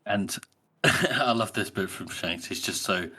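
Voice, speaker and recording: Male podcast co-host, very low pitch, bright edge, enthusiastic reader. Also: takes it slowly, slightly rough. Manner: enthusiastic, reads quoted passages aloud. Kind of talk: casual book discussion.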